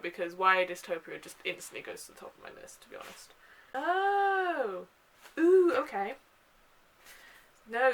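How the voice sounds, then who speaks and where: In a home video with poor audio, a young woman who runs a book vlog chats casually about her latest book haul. Her voice sits in the mid range with a fairly bright tone, and she gushes happily, filling her talk with lots of ums and uhs.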